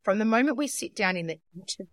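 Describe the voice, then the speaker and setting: A woman co-hosting a podcast in casual chat, animated and telling stories with acted-out quotes. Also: medium pitch, fast, no echo. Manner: animated storyteller, acts out quotes. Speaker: podcast co-host.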